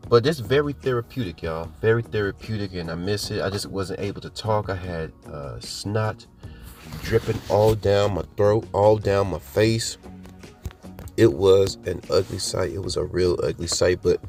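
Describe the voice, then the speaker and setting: A man hosting his podcast, hoarse from a cold, rambling and boastful as he talks straight to his listeners. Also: deep voice, normal speed, a little mellow, soft background music. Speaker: podcast host. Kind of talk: casual podcast monologue.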